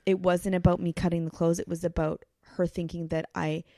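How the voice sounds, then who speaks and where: Low, gravelly woman telling a candid story. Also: level tone, fairly quick, dark tone, no room sound, clean studio sound. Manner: candid, says 'like' often. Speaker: guest. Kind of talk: casual storytelling chat.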